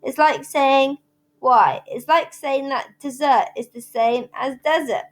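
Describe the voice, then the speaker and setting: A dramatic, imaginative young storybook girl with red pigtails, voiced by a woman reading aloud. She gushes in flowery, theatrical rushes, her voice sitting somewhat high. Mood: gushing. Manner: flowery, theatrical, rushing talk.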